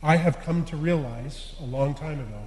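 A man's voice: a little high, normal speed, a little hiss or hum. Earnest man preaching in an echoey hall. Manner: earnest, confessional, swinging between loud stresses and quiet endings. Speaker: lay preacher. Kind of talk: sermon. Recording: echoey hall with long reverb.

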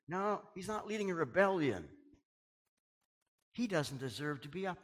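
A man preaching in a church hall, his voice ringing with a long reverb. He delivers the sermon with wide, lively swings in pitch, rising to urgent peaks and sinking to a hush on quoted words. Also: moderate pace, long pauses. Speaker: pastor.

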